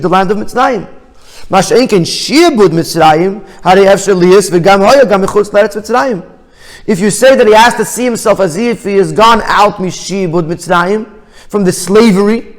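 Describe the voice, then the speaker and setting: High-voiced rabbi teaching in a reverberant room. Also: male voice. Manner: reads Hebrew phrases then explains in English, with restarts. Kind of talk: text study lesson.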